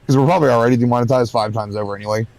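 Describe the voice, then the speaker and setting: A man co-hosting a casual livestream, excitable and quick with crude jokes. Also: mid-range voice, no room sound, poor audio. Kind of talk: casual chat.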